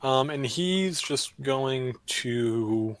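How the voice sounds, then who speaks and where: A man's voice: mid-range voice, very slow. Man running a casual tabletop game master. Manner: casual, relaxed rulings with dry asides.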